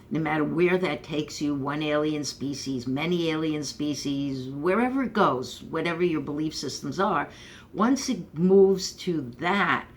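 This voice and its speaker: A woman's voice: deep voice, a little hiss or hum. A woman from Brooklyn, hosting a rambling, sarcastic political commentary monologue. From Brooklyn, New York. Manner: rambling, sarcastic, animated asides. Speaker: host.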